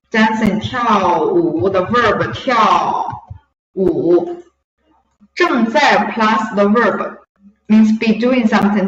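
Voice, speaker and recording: A fairly high-pitched woman, native in Mandarin, teaches Chinese by explaining a lesson slowly and patiently while switching between English and Mandarin. The room recording is echoey, distant, and dull, with lo-fi quality.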